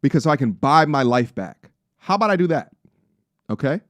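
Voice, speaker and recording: A young man in casual podcast chat, playful and animated, slipping into high excited rants. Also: normal speed, no room sound, clean studio sound. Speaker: podcast co-host.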